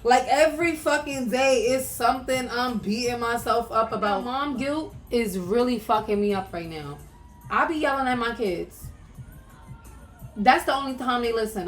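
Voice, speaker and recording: With faint music behind her, a young podcast host speaks a little high and fairly quick. Her casual monologue about her life is candid and emotional, peppered with "like" and the occasional swear word.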